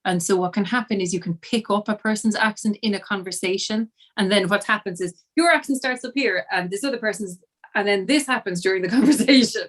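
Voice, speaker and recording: A woman's voice: medium pitch, a little fast. A woman from Ireland with an Irish accent, an acting coach talking casually and laughing often over a video call. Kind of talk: casual conversation.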